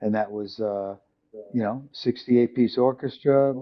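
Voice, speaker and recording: A man's voice: medium pitch, a little slow. An older man from New York City with a New York accent, telling his story as a guest in a casual interview, rambling with lots of fillers and acting out quoted people. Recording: muffled lo-fi audio.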